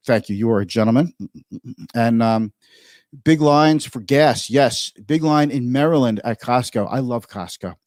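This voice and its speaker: A man in his fifties hosting a casual livestream, reading viewer comments aloud and chatting about the stock market, with halting restarts. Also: medium pitch, darkish tone, no echo, studio quality. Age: 50s.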